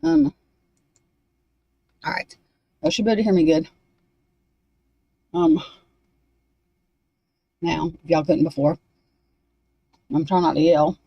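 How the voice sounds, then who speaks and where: Low, gravelly, and breathy, her voice moves slowly with long pauses as she reads spiritual cards on a casual livestream, rambling to herself and swearing quietly. The recording from her desk microphone is dry, with the highs cut off.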